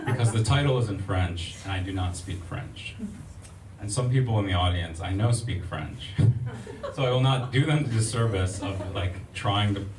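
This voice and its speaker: Low-voiced American man reading poetry. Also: a little mellow. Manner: measured, rhythmic recitation. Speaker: poet. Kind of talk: poetry reading with asides to the audience. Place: public library event room. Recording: echoey room, distant mic, faint ambient noise.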